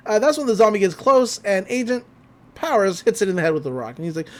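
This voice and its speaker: Podcast host recapping a cartoon ep, lively up-and-down voice, laughs a lot. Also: medium pitch, fast. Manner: animated storytelling, laughs often, slips into character voices. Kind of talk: casual episode recap.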